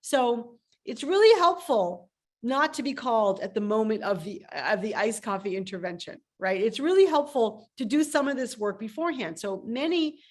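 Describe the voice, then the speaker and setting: Woman, coach, emphatic, animated storytelling, slightly higher pitch, video call. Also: normal speed. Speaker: startup coach. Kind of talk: guest on a webinar interview.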